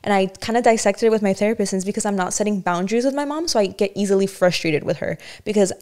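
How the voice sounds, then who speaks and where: A woman's voice: medium pitch, fast, darkish tone. A young woman co-hosting a casual podcast chat, talking in a candid, rambling, self-reflective way with many restarts. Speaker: podcast co-host.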